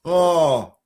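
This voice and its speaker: A man with a fairly high voice hosting a livestream from home. He talks slowly and loosely, rambling from one thing to the next and getting emotional along the way. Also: darkish tone. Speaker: livestream host. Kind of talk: casual chat.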